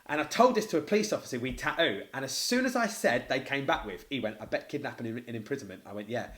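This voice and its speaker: A man with a Mancunian accent, a tattoo studio owner, telling a story in casual podcast chat, blunt and animated, swearing freely. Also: mid-range voice, fast talker. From Manchester, England.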